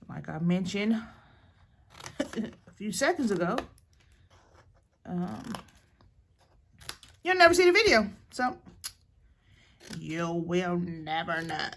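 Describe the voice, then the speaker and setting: A woman's voice: mid-range voice, fairly bright tone, slight background noise. A woman hosting a casual papercraft tutorial, chatting and joking with her viewers as she works. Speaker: papercraft video host.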